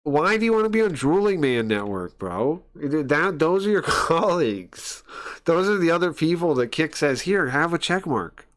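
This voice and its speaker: A male streamer in a heated rant on his live stream, with a voice pitched a little high. He swears freely, trips over his words and restarts, and breaks into scoffing laughs. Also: very animated, moderate pace. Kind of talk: profane livestream rant.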